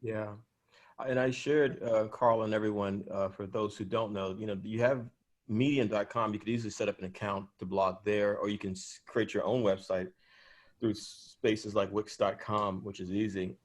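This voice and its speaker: A man's voice: lowish voice, steady tone, normal speed. New york guy running a writing workshop on a video call, direct, pep-talking the group. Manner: encouraging, direct, addresses the group. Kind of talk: teaching an online workshop.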